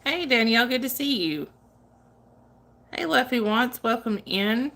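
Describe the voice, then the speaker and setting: A woman's voice: a little high, lively intonation, unhurried, pushed and bright. A woman hosting a casual livestream, chatting with viewers by name, comforting them and laughing often. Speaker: livestream host. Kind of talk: casual livestream chat reading viewer comments.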